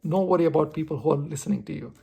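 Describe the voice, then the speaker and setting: A man telling a personal story on his vlog, expressive and poking fun at himself. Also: fairly high pitch, racing, creaky, breathy edge. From India. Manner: expressive, self-mocking storyteller. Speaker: vlogger.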